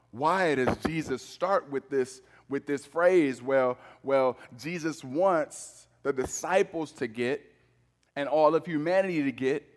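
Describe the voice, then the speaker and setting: Slow, dramatic preacher in a reverberant hall. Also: male voice. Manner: dramatic shifts between loud emphasis and hushed low delivery. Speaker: pastor. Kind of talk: sermon. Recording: long reverb of a large hall.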